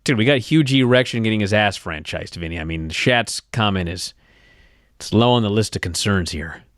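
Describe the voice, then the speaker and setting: A man's voice: lowish voice, lively intonation, moderate pace, no room sound. A man co-hosting a podcast from a studio, chatting casually in an opinionated and profane way. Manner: opinionated, profane wrestling banter. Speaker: podcast co-host. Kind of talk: casual chat.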